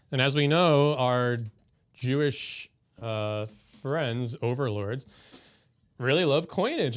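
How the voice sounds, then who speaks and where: A man appearing as a guest on a live stream, showing off items in a deadpan, mock-serious way. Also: medium pitch, smooth. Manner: deadpan, slow mock-serious show-and-tell. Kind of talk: casual live-stream chat.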